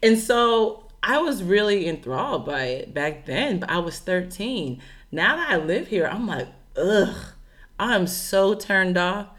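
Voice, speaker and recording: A young woman from Chicago co-hosting a casual podcast chat, chatty and quick to laugh as she tells stories. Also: mid-range voice, big pitch swings, a bit bright. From Chicago, USA. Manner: chatty, laughs often, storytelling.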